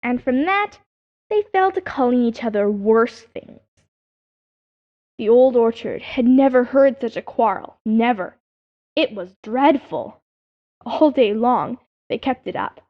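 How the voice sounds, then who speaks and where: A woman narrating a children's animal story as an audiobook reader, in an expressive storytelling manner. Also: fairly high pitch, takes it slowly. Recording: dull lo-fi audiobook recording.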